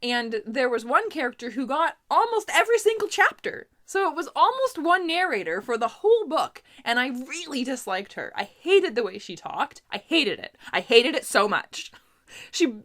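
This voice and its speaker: In a sing-song, high-pitched and slightly bright voice at normal speed, the Canadian booktuber chats about her recent reads. She laughs frequently and keeps adding small asides to her casual review.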